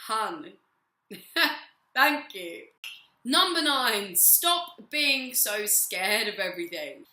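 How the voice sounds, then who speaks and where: A young woman in her twenties chatting casually to camera as a vlogger, giggly and rambling, her voice a little hoarse. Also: fairly high pitch, bright, forceful tone. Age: 20s. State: voice going hoarse. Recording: roomy echo.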